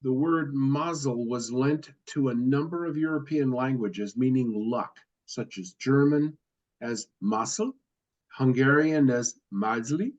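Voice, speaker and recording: Man reading a text aloud, lo-fi. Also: mid-range voice. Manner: reads steadily, occasionally stumbles and corrects himself. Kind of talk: reading aloud in a study session. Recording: dull lo-fi audio.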